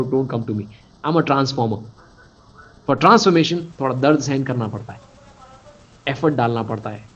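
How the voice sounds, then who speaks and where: Over a video call on a computer mic, a fortysomething business coach with an Indian accent delivers a forceful motivational webinar. He has a mid-range, breathy-edged voice, drawls out key words, and keeps quizzing his audience. The webinar audio is dull and lo-fi.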